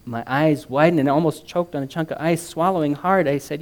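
Male storyteller, middle pitch, reads aloud with animated, acted-out dialogue. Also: fairly quick. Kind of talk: reading a first-person story aloud with asides.

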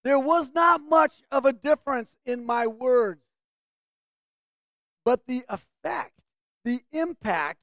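A woman's voice: sits high, animated, slow, long pauses, a bit bright, no room sound. Woman teaching a bible class, keeps asking the group questions, dry close sound. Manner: asks the group questions and invites answers.

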